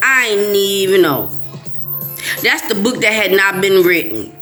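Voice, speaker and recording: A woman's voice: medium pitch, a little slow, faint music behind. A middle-aged woman from Chicago's West Side, telling a story in casual chat with lots of laughter and quoted voices. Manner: animated, laughing, quoting others in voices. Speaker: host. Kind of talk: casual storytelling to a live audience.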